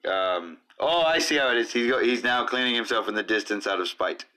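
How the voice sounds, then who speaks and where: A man's voice: mid-range voice, expressive, a little fast, pushed and bright. A man hosting his own podcast alone, rambling casually with lots of fillers and talking to his cat in between. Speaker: podcast host. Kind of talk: casual solo podcast chat.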